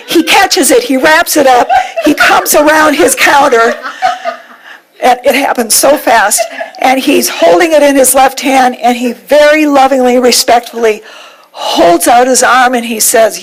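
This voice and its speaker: A woman minister with a fairly high voice delivers a sermon. She tells a heartfelt personal story. She paces it with measured pauses. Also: noisy background.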